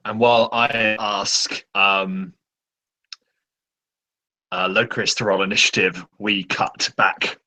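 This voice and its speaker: Bright-voiced game master narrating. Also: male voice, fairly low pitch, level tone, slow, long pauses. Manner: descriptive, filler-heavy narration.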